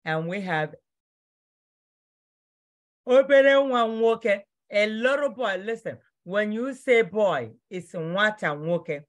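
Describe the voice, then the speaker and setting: A woman teaching vocabulary, drilling each word slowly and repeating it for pronunciation. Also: medium pitch, animated. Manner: slow, repetitive drilling of words for pronunciation. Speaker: language teacher. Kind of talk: vocabulary lesson.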